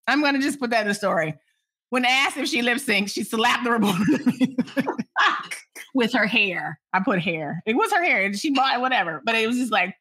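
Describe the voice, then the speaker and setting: Bright, animated woman telling stories. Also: on the high side, normal speed. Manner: animated, laughing, acts out quotes. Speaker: entertainment journalist. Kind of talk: casual interview storytelling.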